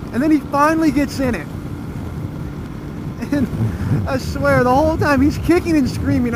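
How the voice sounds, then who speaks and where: A man telling rambling, profane stories about his band days while riding a motorcycle, recorded on a helmet mic. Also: high-pitched. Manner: profane, rambling, laughing storyteller. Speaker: motorcycle vlogger. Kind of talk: casual storytelling. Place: outdoors on a motorcycle in traffic. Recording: helmet mic with road noise. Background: road and engine noise.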